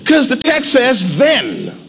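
A man pastor preaching a sermon in a church, animated and urging the congregation to respond. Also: high-pitched, a little slow, big-room sound. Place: church sanctuary.

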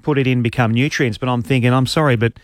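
Fast-talking Australian man. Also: mid-range voice, no room sound, clean studio sound. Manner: animated storytelling, mimics neighbour. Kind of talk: casual banter.

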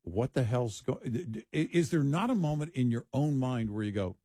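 A man raised in Texas, co-hosting late-night talk radio. His voice is lively and full of pitch swings, and the dry studio mic sounds close. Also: moderate pace, dry recording. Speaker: radio talk show co-host. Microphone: studio microphone.

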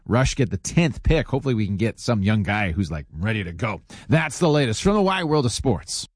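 A man's voice: fairly low pitch, big pitch swings, a little fast, dry recording. Man, radio sports update, chatty asides, dry close sound. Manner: chatty, quips between headlines. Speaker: sports reporter. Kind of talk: casual radio sports report.

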